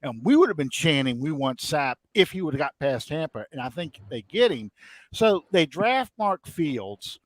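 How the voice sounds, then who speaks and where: A man's voice: fairly high pitch, moderate pace, no room sound. A middle-aged man, hosting a podcast and telling a story in casual chat, acting out the quotes he tells. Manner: animated, acts out quotes. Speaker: podcast host.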